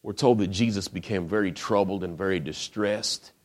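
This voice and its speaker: Deep-voiced man preaching a sermon. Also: moderate pace, darkish tone. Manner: storytelling, rhetorical questions, casual modern phrasing.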